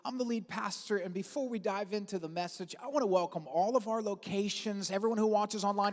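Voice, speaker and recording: A lead pastor giving an Easter sermon in an energetic, conversational way with casual asides and fillers. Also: mid-range voice, fairly quick, few pauses, long reverb tail, crowd noise, background noise. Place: large church auditorium.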